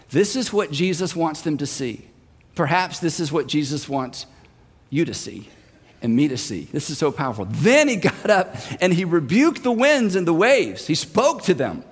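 Male pastor, high voice, animated sermon storytelling, long hall reverb.

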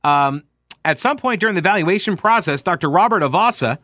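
A man's voice: high-pitched, animated, a little fast, pushed and bright, no room sound, clean studio sound, soft background music. A man hosting an opinionated political commentary show, reading documents aloud and breaking off into sarcastic, incredulous asides. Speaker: talk show host.

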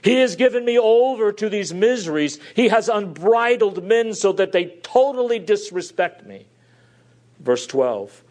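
A man preaching an expository sermon, earnest, swinging between loud emphasis and quiet drops. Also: sits high, expressive, unhurried.

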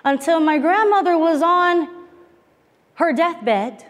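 A woman preaching a sermon, telling a family story in a slow, earnest, emphatic way. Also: very high voice, expressive. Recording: long hall reverb.

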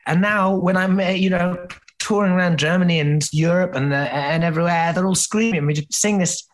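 A man's voice: high-pitched, fairly quick. A man hosting a podcast, telling a self-mocking story in a chatty way, with many fillers and restarts. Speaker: podcast host. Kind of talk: casual storytelling.

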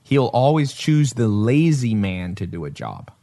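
A man hosting a podcast in casual chat, telling stories with lively acted-out quotes. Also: mid-range voice, a little slow, vocal fry. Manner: animated storyteller who acts out quotes and laughs. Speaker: podcast host.

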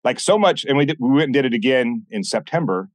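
A man guesting on a podcast, telling stories in a blunt, animated way and acting out what people said. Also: medium pitch, fast talker, no echo. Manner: animated, blunt, swears often, acts out quoted dialogue. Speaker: podcast guest, former military instructor. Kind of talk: casual interview storytelling.

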